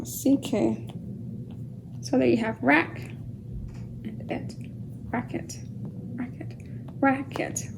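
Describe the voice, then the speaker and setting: A woman teaching a children's phonics lesson, speaking slowly and patiently, sounding out words syllable by syllable and sometimes dropping to a soft whisper. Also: fairly high pitch, gravelly, background noise. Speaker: homeschool teacher.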